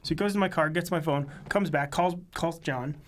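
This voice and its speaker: A man with a slightly higher-pitched voice tells a story in casual chat. His easygoing delivery leans on quoted dialogue and the odd laugh. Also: brisk. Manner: laid-back storyteller who quotes people and laughs along.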